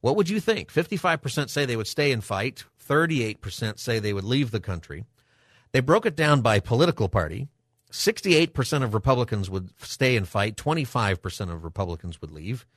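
A man hosting a call-in radio show, thinking aloud and halting with ums and restarts. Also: medium pitch, very animated, dry recording, clean studio sound.

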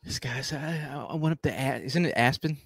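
A man's voice: mid-range voice, a little fast, creaky, husky, no echo. Stammering, rambling man co-host. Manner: rambling, stammering restarts, slangy. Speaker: podcast co-host. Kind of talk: casual sports chat.

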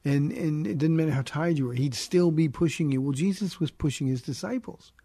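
A man's voice: on the high side, a little fast, warm tone, no room sound. A man in his fifties, a radio pastor answering listener questions, teaching in a direct, earnest way that often restarts words. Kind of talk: conversational radio Bible teaching.

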